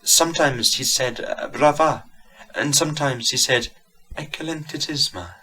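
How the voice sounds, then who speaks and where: A man putting on a soft young Italian organist. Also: medium pitch, unhurried, breathy edge, voice pushed up, low-quality recording. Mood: soft wistful. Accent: put-on Italian accent. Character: young foreign woman organist, small, lonely, devoted.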